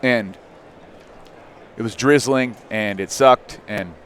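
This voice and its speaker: A man's voice: on the low side, takes it slowly, a little hiss or hum. Candid man telling a story casually. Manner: candid, animated storytelling with frequent fillers. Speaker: podcast guest.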